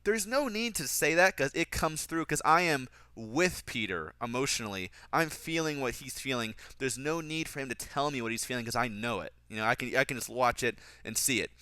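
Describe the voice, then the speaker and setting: A man's voice: expressive, brisk, few pauses, pushed and bright, clean tone, no room sound. A man giving casual film commentary, critical of the script and mocking its lines. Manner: critical, mocks dialogue in a higher voice.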